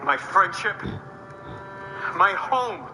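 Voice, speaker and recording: An actor playing a grieving dwarf blacksmith, speaking in short, clipped lines. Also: male voice, high voice, lively intonation, drawn-out words, exaggerated voice. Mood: bitter grief. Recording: game audio with noticeable background noise. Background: noise.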